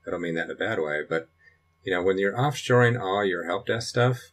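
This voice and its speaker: A middle-aged man with a low, husky voice talks through a screen tutorial at home. He thinks aloud as he clicks and rambles along with plenty of restarts. The delivery is loose and conversational. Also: brisk. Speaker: dad recording a computer tutorial. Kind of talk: casual screen-recording walkthrough. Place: home in Colorado.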